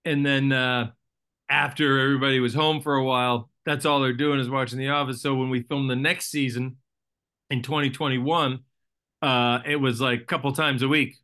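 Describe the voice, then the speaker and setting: A man's voice: medium pitch, flat delivery, normal speed, bright, forceful tone. A man, an actor guest in a casual interview, rambling through stories with self-deprecating jokes.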